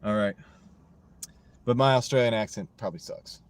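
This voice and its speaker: A man's voice: fairly low pitch, flat delivery, moderate pace, pauses often, clear, resonant tone. An American man chatting casually with his livestream viewers from his parked car, joking and rambling as he reads comments. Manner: joking, rambling, talks to chat. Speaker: livestreaming gig-delivery driver. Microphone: wireless mini clip-on mic.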